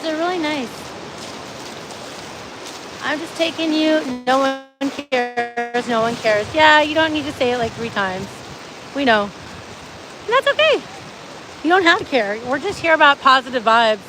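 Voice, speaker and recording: A woman hosting a live walking vlog on a beach, chatting upbeat straight to her viewers. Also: on the high side. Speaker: livestream host. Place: outdoors on a beach. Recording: outdoor phone audio with loud surf noise. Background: surf and wind noise.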